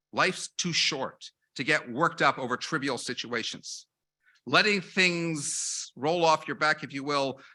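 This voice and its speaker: A rabbi delivers a lecture with a bright, forceful edge to his fairly high voice. He is a middle-aged man who asks rhetorical questions and stacks his points in steady lists, one after another. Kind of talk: lecture with anecdotes.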